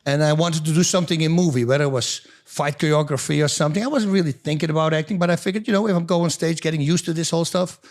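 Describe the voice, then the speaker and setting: A man in his fifties, a former fighter telling stories in a casual podcast chat, animated and laughing often, acting out the voices of people in his stories. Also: on the high side, racing, few pauses.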